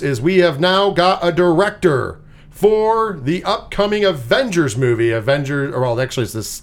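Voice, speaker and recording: Lively animated male podcast host. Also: fairly high pitch. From US Northeast. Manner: animated, swears freely, repeats words. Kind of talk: casual pop-culture chat.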